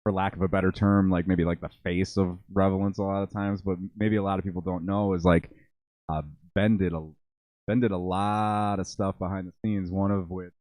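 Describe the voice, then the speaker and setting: A man's voice: low voice, little pitch movement, fairly quick, a little mellow, no echo. Rambling man telling band stories. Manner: rambling, filler-heavy storytelling. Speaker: podcast guest, former bandmate. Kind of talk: casual chat.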